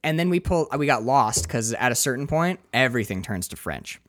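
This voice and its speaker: A man's voice: medium pitch, sing-song, a little fast, a bit bright, dry recording, clean studio sound. A young man co-hosting a podcast, telling a story in a casual, profane, self-mocking way. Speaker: podcast co-host. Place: podcast studio.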